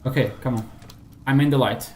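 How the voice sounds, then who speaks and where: A man's voice: medium pitch, fairly even intonation, normal speed, darkish tone, slight background noise. A man giving casual gameplay commentary, joking, mocking himself and thinking aloud as he plays. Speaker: gameplay streamer.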